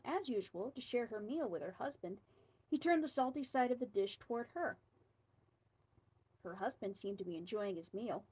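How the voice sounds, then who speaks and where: A woman reading a scary folk tale aloud, slipping in quiet asides between the lines. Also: on the high side, rough recording. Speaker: storyteller.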